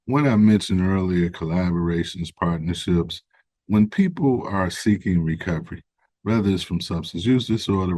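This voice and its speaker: Low-voiced man, earnest and reflective. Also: dry recording. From United States. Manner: earnest, reflective, builds to animated emphasis; conversational with fillers. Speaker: guest, recovery organization founder. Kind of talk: interview storytelling.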